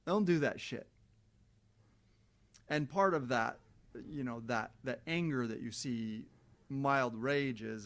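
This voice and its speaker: A middle-aged man delivering a heated, profane rant straight to his viewers. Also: mid-range voice. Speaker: vlogger. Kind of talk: angry rant to camera.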